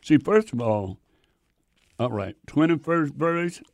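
A man preaching a sermon, reading scripture haltingly and breaking off into folksy, animated asides. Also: on the high side, no echo.

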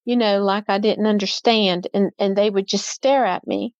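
A woman's voice: mid-range voice, steady tone, moderate pace, no echo, lo-fi sound. A middle-aged woman, a podcast guest, recounting a personal experience and acting out the voices of the people in it. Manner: vivid storyteller who acts out quoted voices. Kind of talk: personal storytelling in an interview.

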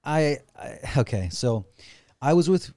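A man of average pitch tells a story with animated, excitable energy, throwing in slang and curse words. The recording is dry and close, with almost no room sound. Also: measured pace, creaky, no echo. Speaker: podcast guest. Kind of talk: casual storytelling.

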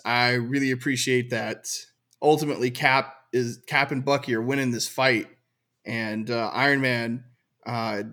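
A male podcast co-host laying out his views in a measured, hesitant way. He fills his pauses with ums, and his voice sits at an ordinary middle pitch. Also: fairly bright tone. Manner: thoughtful, hesitant with many ums. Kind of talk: casual podcast chat.

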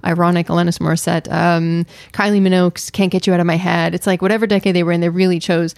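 A woman's voice: fairly low pitch, little pitch movement, quick pace, vocal fry, darkish tone, no echo, studio quality. A woman co-hosting a casual chat with her wife, playful and teasing, often laughing. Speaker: podcast co-host.

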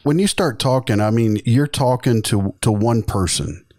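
A man's voice: mid-range voice, normal speed, a little mellow, dry recording, studio quality. A man hosting an interview podcast who thinks aloud and rephrases his questions as he goes. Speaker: podcast host.

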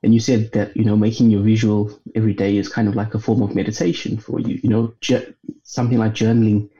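A man with a Yorkshire accent, a guest in a casual interview, relaxed and filling his speech with "you know". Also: fairly low pitch, quick pace, highs cut off.

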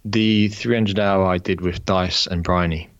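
A man's voice: low-pitched, fairly even intonation, a little slow, dry recording, muffled recording. A man who teaches yoga, a guest chatting casually on a podcast, rambling and self-deprecating with many restarts. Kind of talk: casual interview chat.

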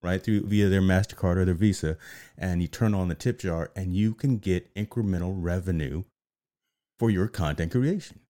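A man hosting a casual live-streamed chat show, animated and often repeating words as he starts a sentence. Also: low-pitched, moderate pace. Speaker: show host.

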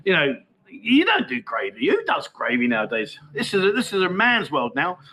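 Outdoors in Pattaya, a middle-aged man hosts a loose livestream, reading viewer comments aloud in a matey, easygoing, chatty manner and laughing often. His high voice sounds bright and forward, with wildly swooping pitch at a normal speed, captured on a rough recording.

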